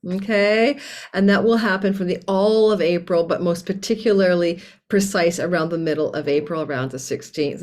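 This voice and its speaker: A woman with a slightly low voice hosts her own astrology channel and talks through the forecast in a loose, chatty way. She is candid and expressive and laughs easily. She records at home on a desk mic tucked under a tablecloth. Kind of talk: casual astrology forecast monologue.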